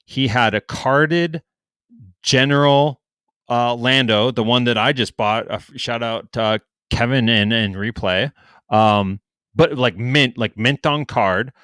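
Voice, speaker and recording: He speaks slowly in a clean, medium-pitched voice with no echo. The young podcast co-host tells an animated story in casual chat, swearing freely and raising his voice to play out others' lines.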